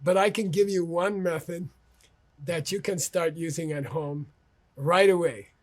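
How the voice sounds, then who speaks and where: A man giving a relaxed lecture for an online course, his voice sitting a little high and carrying a husky edge. He keeps it conversational, tucking "okay?" and "you know" between his points. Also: unhurried. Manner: tells anecdotes about himself. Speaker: teacher.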